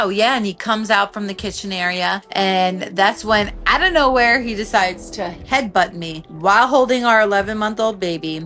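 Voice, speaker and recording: Halting woman telling her own story. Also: fairly low pitch, pushed and bright. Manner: halting, many restarts and filler "like". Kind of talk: personal testimony.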